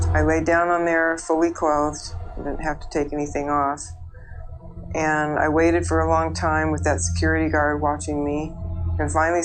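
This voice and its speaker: Woman w a low flat voice telling her story, lots of uhs and pauses. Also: poor audio. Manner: halting, many fillers. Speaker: interviewee. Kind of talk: personal testimony.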